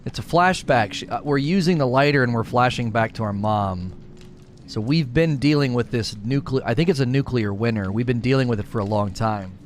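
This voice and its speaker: A man's voice: medium pitch, brisk, slight background noise. A man hosting a gaming channel, commenting live as he plays, joking and poking fun at himself. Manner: joking and self-mocking, playful asides to viewers. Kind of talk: live let's play commentary.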